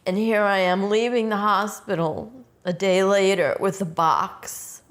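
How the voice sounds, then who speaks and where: A woman's voice: mid-range voice, measured pace. Middle-aged woman, interview subject; intense, unfiltered, frequent swearing. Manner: raw, blunt, swears often, emotionally intense. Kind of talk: emotional personal storytelling interview.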